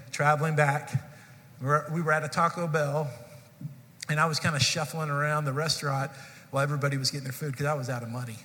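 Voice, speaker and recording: A man's voice: fairly high pitch, bright, forceful tone. A male pastor, probably in his forties, telling a humorous personal story to his congregation in a sermon. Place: church sanctuary. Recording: long hall reverb.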